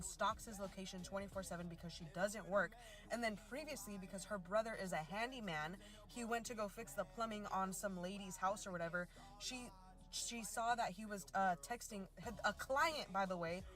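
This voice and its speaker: A woman's voice: medium pitch, fairly bright tone. A woman telling a personal story in a casual, chatty way, full of "like" fillers.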